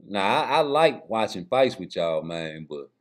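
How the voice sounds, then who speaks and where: Male boxing vlogger, low voice, unhurried, profane and rambling, talks to camera. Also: big pitch swings. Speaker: boxing YouTuber. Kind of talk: casual boxing commentary.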